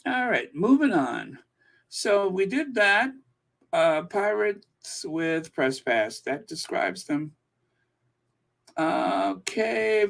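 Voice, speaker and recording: A man's voice: high-pitched, sing-song, slow pace, creaky, fairly bright tone. A man hosting a royal news channel, reading viewer comments in a rambling, self-amused casual chat.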